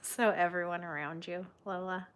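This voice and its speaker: A woman's voice: fairly low pitch, steady tone, moderate pace. A woman hosting a crochet livestream, chatting casually with viewers and laughing often as she tells stories on herself. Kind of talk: casual chat reading live comments.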